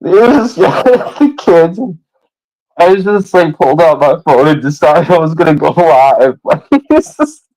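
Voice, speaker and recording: Brief: male streamer, fairly high voice, slow unhurried delivery, giggles through every sentence, rambling and full of "like". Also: very animated, a little mellow, rough recording. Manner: laughs constantly while talking; rambling, heavy use of "like". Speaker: live streamer. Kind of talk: casual live-stream storytelling.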